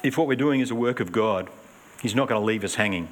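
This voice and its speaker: A man preaching a sermon in an earnest, emphatic way, swinging between raised urgency and hushed emphasis. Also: lowish voice, fast talker, slight background noise.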